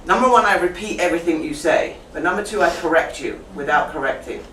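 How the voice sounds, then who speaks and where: A woman teacher trainer running a lively classroom demonstration, repeating and correcting students as she goes. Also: fairly low pitch, quick pace. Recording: echoey classroom from far off with faint noise.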